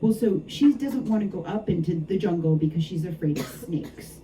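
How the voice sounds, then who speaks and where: Brief: woman author, warm dark tone, chatty anecdotal storyteller, recorded from across the room. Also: fairly low pitch, normal speed, far from the mic, a little hiss or hum, low-quality recording. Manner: lively anecdotal, frequent laughs and asides. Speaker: novelist discussing her book. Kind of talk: storytelling talk at a book event. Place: bookshop event.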